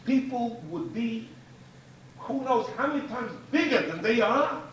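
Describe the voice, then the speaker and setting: A man's voice: very high voice, a little slow, fairly bright tone. A man giving a rabbinic lecture to an audience, emphatic and repeating key phrases for force. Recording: echoey room, distant mic, faint hiss.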